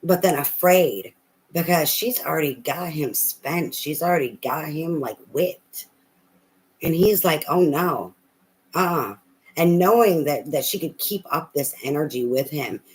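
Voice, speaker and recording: A tarot reader giving a casual, blunt and heavily profane love reading in an animated way. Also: medium pitch, rough recording.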